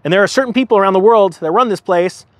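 A man's voice: sits high, fast, no echo. Fired-up man ranting on camera. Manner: reads news aloud then breaks off to comment. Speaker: host of a finance commentary channel. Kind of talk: heated commentary reading from news articles.

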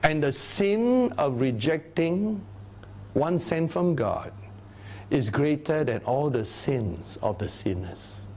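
A man teaching a Bible study sermon, animated, sometimes dropping into low, grave tones. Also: slow pace, a little hiss or hum. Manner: animated, acts out crowd voices in a raised voice; drops to low, grave tones for solemn points.

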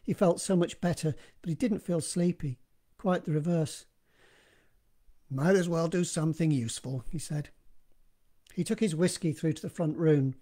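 Mellow-voiced man reading a horror story. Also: on the high side. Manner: steady, measured narration with occasional retakes. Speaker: author reading his own story.

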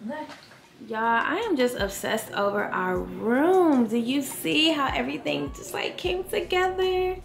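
A woman in her late twenties chatting casually to her viewers from her bedroom, full of fillers and stretched-out words. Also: on the high side. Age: late 20s. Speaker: vlogger. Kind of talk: casual chat to camera. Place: home bedroom. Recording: roomy echo, faint music behind.

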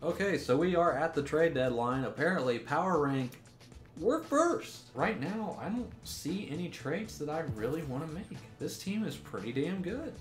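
A man's voice: a little high, expressive, moderate pace, few pauses, soft background music. Joking guy with an echoey room sound. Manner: sarcastic, joking banter. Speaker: gaming YouTuber. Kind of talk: casual gameplay commentary.

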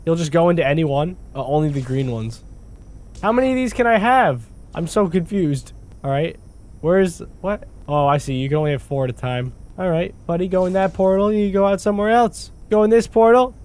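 A man giving jokey, excitable let's-play commentary as a gaming YouTuber, talking to the character on screen. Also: fairly high pitch, brisk.

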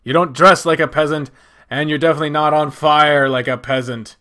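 Snooty knight guard blocking the path, bright slightly high voice, a guy reading him out. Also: steady tone, brisk. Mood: dismissive.

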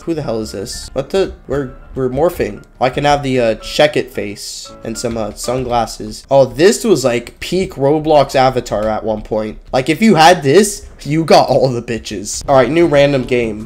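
A young man giving excitable, swearing commentary while playing online games, often yelling. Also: mid-range voice, moderate pace, hardly any pauses, soft background music. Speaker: gaming YouTuber. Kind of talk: live gameplay commentary.

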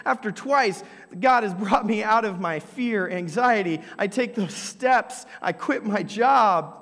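A young adult man preaching a sermon into a microphone, telling the story with lively energy and sometimes dropping to a whisper. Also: sits high, normal speed, creaky. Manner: animated storytelling preacher, drops to a whisper for emphasis. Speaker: pastor. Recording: long hall reverb.

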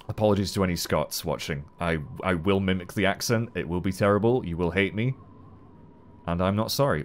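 A man giving chatty, animated gameplay commentary as a let's play host, swearing casually. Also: low voice, fairly quick, slight background noise.

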